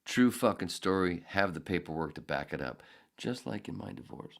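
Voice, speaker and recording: A man hosting a podcast who rants angrily and sarcastically, swearing heavily and swinging from mutters to shouts. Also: sits low, lively intonation, normal speed, vocal fry. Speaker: podcast host. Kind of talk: ranting monologue.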